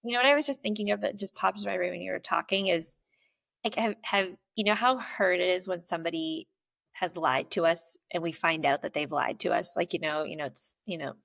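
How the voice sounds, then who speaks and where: Brief: woman guest, frank and animated, swears freely, a gravelly edge to her voice. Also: fairly low pitch, fairly quick. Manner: animated, candid, swears freely, acts out quoted speech. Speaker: podcast guest, poet and coach. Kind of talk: casual conversational interview. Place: lives in a small coastal town in California.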